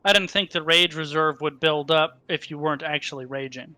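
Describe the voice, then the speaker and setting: Male tabletop player, bright tone, casual rules chatter. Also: on the high side, fairly even intonation, a little fast. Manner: chatty, checks rules aloud. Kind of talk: casual tabletop game chat.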